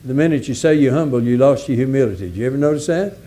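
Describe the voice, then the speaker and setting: A man's voice: mid-range voice, expressive, very fast, mellow. A man preaching a sermon in a folksy, emphatic way, repeating key words for weight. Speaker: visiting preacher.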